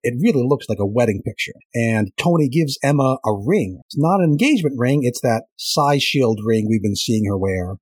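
A man's voice: mid-range voice, lively intonation, slightly rough, dry recording. A man co-hosting a podcast, chatting casually about comics and readily chiming in to agree. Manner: chatty, agreeable, quick to chime in. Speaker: podcast co-host. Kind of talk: casual comic book discussion.

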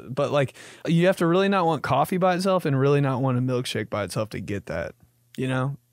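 A man's voice: mid-range voice, no echo, studio quality. A young man hosting a podcast, riffing in a jokey comedic monologue and slipping into silly voices. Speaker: podcast host.

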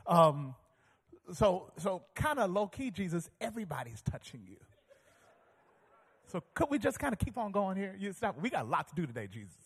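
A man voicing an exasperated male disciple who casually explains things to his teacher in a lower voice. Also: big pitch swings, normal speed, husky, full character voice. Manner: casual, impatient, low-key explaining.

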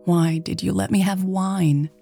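A woman voicing a playful, teasing young woman in love, speaking softly and often in a breathy whisper. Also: lowish voice, fairly even intonation, a little slow, full character voice. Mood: whiny, pensive. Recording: faint music behind.

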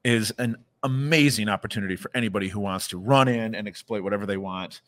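A man's voice: on the low side, fast talker, a bit bright. A man co-hosting a casual podcast, enthusiastic and rambling with many restarts. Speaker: podcast co-host. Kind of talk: casual podcast chat about rum history.

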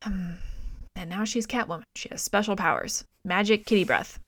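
A woman co-hosting a podcast, recapping a film in a profane, exasperated, animated way. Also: medium pitch, moderate pace, no room sound, studio quality. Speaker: podcast co-host. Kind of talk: casual movie review chat.

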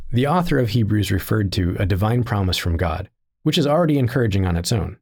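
A man giving a scripted teaching narration in a measured, deliberate reading style. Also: on the low side, expressive, gravelly, darkish tone, breathy edge.

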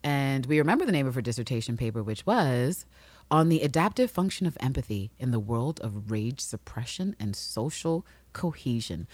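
A woman from New York City co-hosting a casual TV recap podcast, animated and swearing freely. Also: very deep voice, moderate pace, slightly rough, dry recording. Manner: animated, swears, bursts of excitement. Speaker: podcast co-host.

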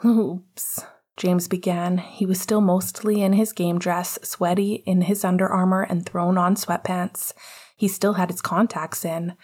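A woman narrating an audiobook at a steady, measured pace. Her voice sits low and carries a husky, breathy texture. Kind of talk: scripted narration.

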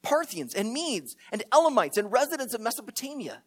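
A male pastor delivers a sermon, his pitch rising and falling in an animated way. He tells stories and acts out the quoted voices in them. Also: brisk.

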